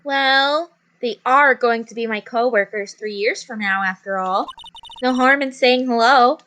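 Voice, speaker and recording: A woman's voice: a little high, a little slow, bright, forceful tone. Woman reading as a cheerful young science fan. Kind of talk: reading game dialogue aloud.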